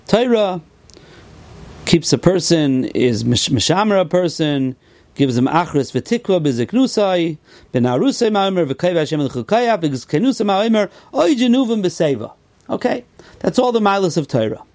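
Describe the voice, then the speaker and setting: A high-voiced man teaches a Talmudic Torah class in American yeshiva English, sprinkled heavily with Yiddish and Hebrew terms. He chants the texts in a sing-song, his pitch swinging widely, leaping up and dropping low without warning. His pace is measured and his tone a little mellow.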